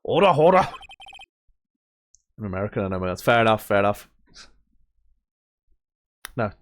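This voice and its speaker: A man's voice: lowish voice, fairly even intonation, normal speed, fairly bright tone, smooth. A young man casually commenting while playing a game, rambling off on tangents with lots of fillers. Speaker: gamer reading and commenting on a game. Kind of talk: let's play commentary.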